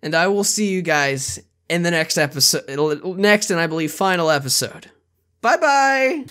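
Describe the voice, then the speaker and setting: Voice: medium pitch, lively intonation, moderate pace, over music. A young adult YouTuber reading a translated light novel aloud in an earnest, emotional way, then reacting casually and swearing now and then.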